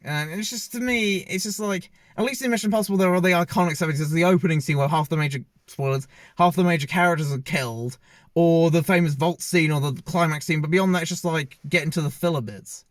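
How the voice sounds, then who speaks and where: A man's voice: fairly high pitch, fast, no room sound. Rambling man reviewing a film, dry sound. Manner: rambling, hesitant, many fillers and restarts. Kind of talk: casual spoken movie review.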